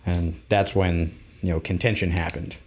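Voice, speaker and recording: Man, young adult, casual storyteller, low voice, jumps up high for quoted voices. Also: flat delivery, normal speed, a little mellow, husky.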